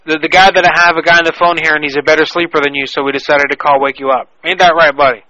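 A man hosting a prank call show, rattling along fast in a bright, high-ish voice, crude and profane. His sound is a little dull and lo-fi, like radio audio. He jokes and swears throughout. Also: flat delivery, no echo. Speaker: host taking calls.

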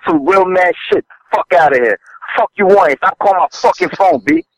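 A man's voice: sits high, big pitch swings, moderate pace, creaky, dry recording, low-quality recording. A man selling a car who is angrily cursing and threatening an unwanted caller over the phone. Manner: angry, profane, threatening. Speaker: car seller answering a call. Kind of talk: heated phone argument. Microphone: phone call.

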